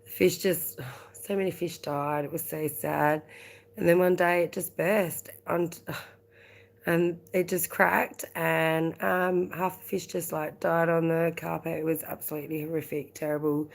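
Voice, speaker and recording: Australian woman, live-stream host, chatty and rambling, low gravelly voice. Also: flat delivery, a little slow. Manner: chatty and rambling, laughs often. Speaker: livestream host. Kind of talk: casual live-stream chat.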